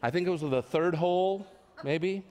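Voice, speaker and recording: A man's voice: high-pitched, normal speed, a little mellow. A male pastor telling a personal story in a sermon, chatty and self-deprecating, stumbling over his words as he goes. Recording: long reverb of a large hall.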